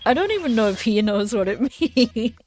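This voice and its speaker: A young woman streamer in casual chat while playing, giggly and animated, swearing freely. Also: a little high, moderate pace, a little hiss or hum.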